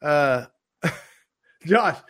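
A man's voice: fairly high pitch, expressive, drawn-out words, fairly bright tone. A man hosting a podcast interview, giving short affirmations and joining in playful banter. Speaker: podcast host. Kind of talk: casual interview chat.

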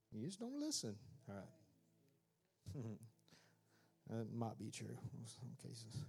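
A male pastor preaching a sermon, joking with the congregation and then building to shouted exhortations. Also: medium pitch, wildly swooping pitch, takes it slowly, pauses often, slightly rough. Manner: swings from conversational asides to shouted preaching; jokey, laughs at own remarks.

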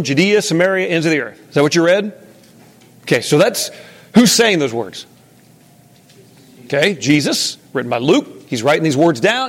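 Gravelly-voiced man teaching Bible study. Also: high-pitched. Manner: conversational, asks the room questions. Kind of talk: interactive Bible lesson.

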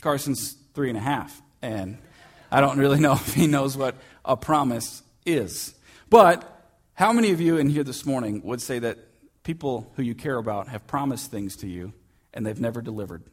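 A man preaching a sermon in a church as the pastor, in a relaxed storytelling manner with frequent fillers. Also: mid-range voice, moderate pace.

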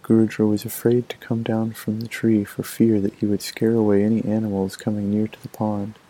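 A man narrating a folk tale in a measured, expressive storybook manner. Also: lowish voice, low-quality recording.

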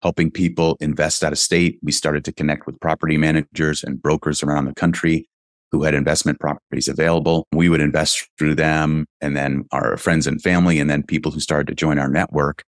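Middle-aged male interview guest, casual earnest storyteller, deep low register. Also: level tone, a little fast, dry recording, studio quality. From California. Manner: earnest, reflective, with frequent "you know" fillers. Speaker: interview guest, real estate investing founder.

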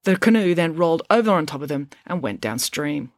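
A woman narrating a children's adventure book in an expressive storytelling manner. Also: deep voice, brisk, no room sound, clean studio sound. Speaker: audiobook narrator.

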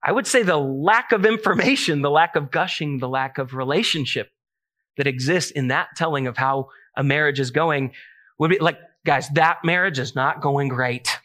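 A man's voice: on the high side, moderate pace, fairly bright tone. A man preaching a sermon in a casual, conversational way, mixing scripture with self-deprecating family stories. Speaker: pastor.

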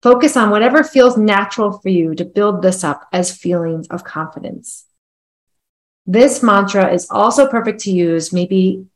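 A woman guiding a breathwork meditation with calm, soft, unhurried instructions. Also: mid-range voice. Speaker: breathwork guide.

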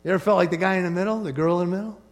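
A man preaching a sermon as pastor, conversational and animated, with frequent jokes. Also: high voice, racing.

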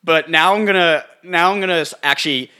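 A young man co-hosting a podcast, chatting casually with goofy deadpan humor and stumbling restarts. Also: fairly high pitch, fairly quick, clean tone. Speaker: podcast co-host. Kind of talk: casual chat.

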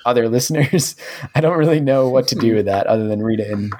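A man co-hosting a podcast in casual chat, rambling and full of fillers. His voice sits at an ordinary pitch, close on a studio microphone. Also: fast talker, darkish tone. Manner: rambling, filler-heavy recommending. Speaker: podcast co-host.

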